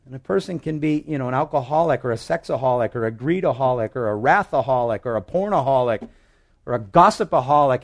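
A pastor preaching a conversational sermon full of vivid illustrations, swinging between loud emphatic phrases and quiet asides. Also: male voice, medium pitch, lively intonation, fairly quick.

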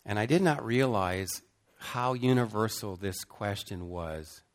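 Emphatic storytelling male preacher. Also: on the low side. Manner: emphatic storyteller, swings from loud to hushed and slow. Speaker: pastor. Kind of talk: sermon storytelling.

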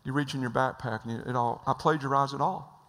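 A man's voice: medium pitch, steady tone, fairly quick, a bit bright. A man giving a sermon, telling jokes and acting out the voices of people in his stories. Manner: joke-telling, acts out voices, repeats phrases. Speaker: speaker at a church. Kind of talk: sermon with storytelling. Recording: hall reverb.

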